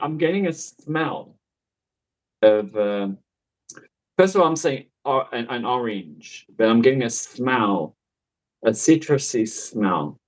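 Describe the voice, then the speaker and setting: A man with a mid-range voice, captured on a rough recording, works as a psychic medium. He tells a story casually and ramblingly, chatty and full of fillers, asides and laughs.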